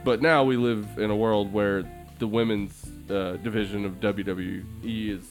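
A middle-aged man co-hosts a casual movie podcast. He jokes and swears a lot and tells stories with lively energy. A little music plays faintly behind his voice. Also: fairly low pitch, moderate pace. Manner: storytelling, joking, profane, animated. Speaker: podcast co-host.

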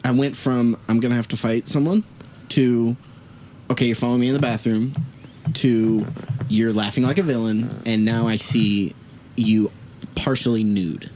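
A man's voice: mid-range voice, fairly even intonation, moderate pace, a little mellow, a little hiss or hum. A young man hosting a podcast, telling a rambling story and swearing as he acts out the voices of people in it. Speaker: podcast host. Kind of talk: casual storytelling.

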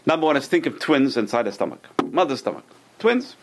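A man's voice: mid-range voice, big pitch swings, brisk, noisy background. A man teaching a religious class to a group, telling stories with restarts and acted-out quotes. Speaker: Torah teacher.

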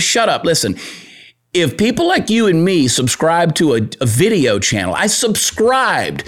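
A man's voice: high voice, huge pitch swings, moderate pace. A man hosting an opinion talk show and ranting in a crude, joking, worked-up way. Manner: riled-up, crude, joking rant. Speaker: podcast host and comedian.

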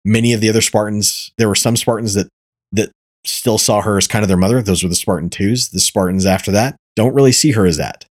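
A man with a low-pitched voice hosts a casual podcast, explaining things at length and circling back with fillers. The sound is dry and close, with no room around it. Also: brisk, dry recording. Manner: rambling, animated explainer with many fillers. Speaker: podcast host. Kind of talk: casual chat.

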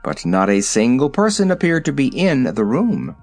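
A man reading a storybook aloud as its narrator, telling the tale in a lively way. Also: medium pitch, moderate pace, soft background music. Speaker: audiobook narrator. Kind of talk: scripted narration.

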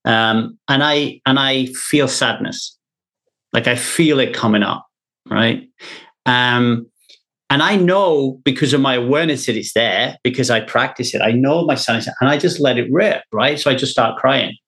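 A man's voice: medium pitch, normal speed, a bit bright. A man hosting a podcast, talking earnestly in a rambling, repetitive way. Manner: earnest, rambling, repeats words when thinking. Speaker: podcast host. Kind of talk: casual podcast chat.

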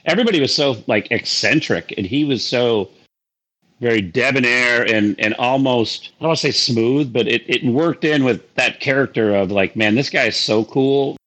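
Husky man telling a story. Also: medium pitch, moderate pace, a bit bright, poor audio. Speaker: podcast co-host. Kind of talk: casual chat.

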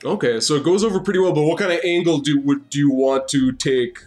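A man's voice: on the high side, fast talker, loud music behind the voice. Joking male dungeon master. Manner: loose, joking narration. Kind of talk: narrating a tabletop game.

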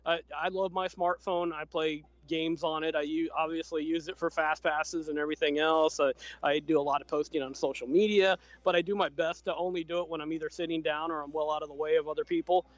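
A man's voice: fairly high pitch, little pitch movement, fairly quick, hardly any pauses, dry recording. A man co-hosting a casual chat, explaining things in an easygoing way and laughing often. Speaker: podcast co-host. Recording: dry, dull lo-fi sound.

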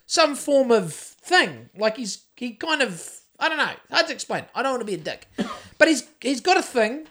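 A woman's voice: fairly high pitch, big pitch swings, normal speed, fairly bright tone. A woman co-hosting a podcast, telling stories in a casual, ranting way and swearing a lot. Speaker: podcast co-host. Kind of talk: casual chat.

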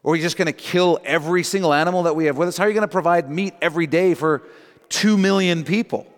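Moses, a preacher acting out an exasperated pleader. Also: male voice, on the high side, voice pushed up, lightly acted. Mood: incredulous. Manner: raised, incredulous, rushed pleading. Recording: long reverb in a large hall.

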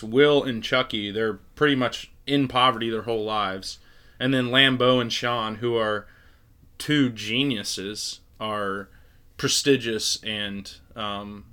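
A young man co-hosting a casual faith-based movie podcast, chatty and quick to laugh. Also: mid-range voice, steady tone, pushed and bright, clear, resonant tone. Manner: chatty, laughs often, restarts phrases. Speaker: podcast co-host.

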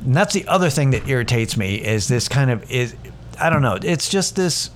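A man's voice: mid-range voice, animated, normal speed, a little hiss or hum. A man hosting a podcast, ranting sarcastically in a casual, profane, rambling monologue full of restarts. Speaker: podcast host.

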